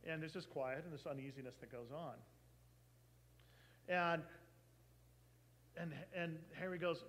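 High-voiced man telling a sermon story. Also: moderate pace, pauses often, rough recording. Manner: animated storyteller, acting out quoted voices. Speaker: pastor.

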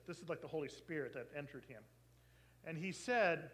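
A man preaching, telling a long story and acting out the people in it with lively changes of voice. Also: fairly high pitch, brisk, rough recording. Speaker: pastor. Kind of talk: sermon storytelling.

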